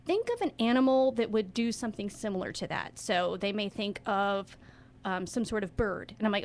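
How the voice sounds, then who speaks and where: A woman's voice: mid-range voice, moderate pace, a little hiss or hum. A woman who directs children's theater, talking as a guest in a radio studio interview with enthusiasm and expression.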